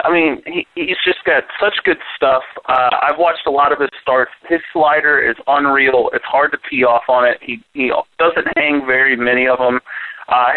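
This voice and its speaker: A man's voice: mid-range voice, no echo. Man on a tinny phone line. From United States. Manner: hesitant, lots of uh fillers, dry wit. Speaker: podcast guest analyst. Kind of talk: casual podcast chat.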